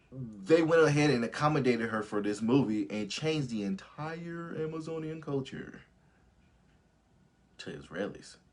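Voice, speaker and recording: Animated, profane man hosting a live stream. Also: on the low side. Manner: animated, profane, laughs often; reads viewer comments aloud. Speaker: host of a live movie review stream. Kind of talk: casual live commentary with viewers.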